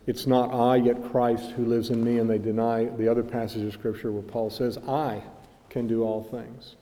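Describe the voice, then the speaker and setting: A man preaching a sermon in an earnest way, reading passages aloud and building to loud, emphatic peaks. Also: mid-range voice, in a large hall.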